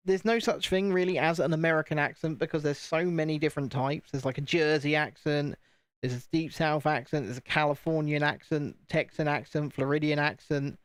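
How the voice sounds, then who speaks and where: A chatty British man with a slightly higher voice, talking casually to his viewers and mocking himself as he works. The sound is dry and close, with no room around it. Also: fairly even intonation, brisk, no echo. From United Kingdom. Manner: chatty, self-deprecating, talks to himself. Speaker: streamer. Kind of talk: casual chat while building.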